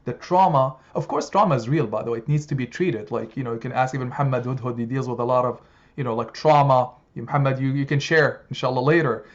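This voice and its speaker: At a weekly Quran study group, a male teacher with a mid-range voice delivers an impassioned lesson at a fast clip. He speaks emphatically, repeats phrases, and poses rhetorical questions. The recording is slightly muffled.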